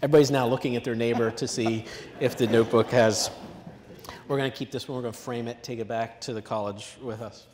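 A man's voice: medium pitch, fairly even intonation, fast, crowd noise. A man moderating a conference panel, talking in a jokey, teasing, conversational way. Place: large conference hall. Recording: echoey hall, faint noise.

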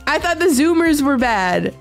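Excitable young woman, high bouncy voice, giggly, faint music underneath. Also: moderate pace, vocal fry. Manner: excitable, giggly, talks to chat. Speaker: streamer. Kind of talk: casual game-stream chat. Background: faint background music.

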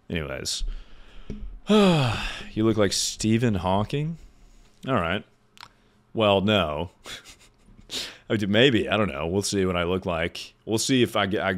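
A man with a deep voice chatting casually with his livestream viewers, making sarcastic jokes and sounding like he is announcing things. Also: fairly bright tone. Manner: sarcastic, joking asides.

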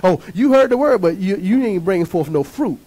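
A man preaching a sermon as pastor, emphatic and lively, asking the congregation to answer back. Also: sits high, fairly quick, slightly rough, low-quality recording.

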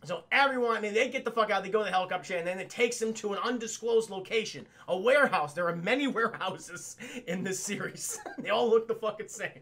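A man's voice: high voice, quick pace, few pauses, pushed and bright. A man giving a profane, rambling casual recap of a cartoon episode on a live stream, talking to his chat.

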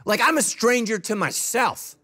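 A man's voice: high-pitched, lively intonation, moderate pace, pushed and bright. A middle-aged man preaching a sermon as pastor, conversational and joking, acting out quoted voices. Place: church auditorium.

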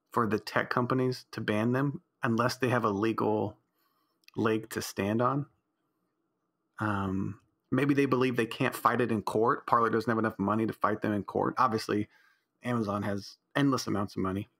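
A man's voice: mid-range voice, fairly bright tone. A man hosting a casual solo podcast from home, talking in a blunt, rambling, opinionated way, with mild profanity and lots of fillers. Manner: frequent fillers and restarts. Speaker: podcast host.

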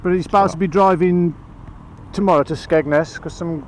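Black Country man, high voice, rambling biker chat over a helmet intercom, laughs a lot. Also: fairly even intonation, normal speed, slight background noise, low-quality recording. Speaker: motorcycle vlogger. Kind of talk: casual chat while riding. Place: outdoors on a motorcycle.

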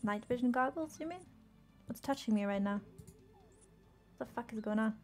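A woman's voice: on the high side, moderate pace, faint music behind. A woman streaming a video game, chatting with her chat and swearing when things go wrong. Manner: swears often, exclaims in frustration; chatty, reads chat aloud and answers it. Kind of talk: casual gameplay commentary.

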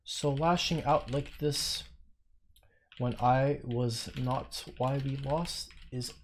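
A young man streaming a game, ranting indignantly with lots of swearing and sudden bursts of yelling. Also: medium pitch, steady tone, slow pace, a little hiss or hum. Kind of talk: live stream commentary.

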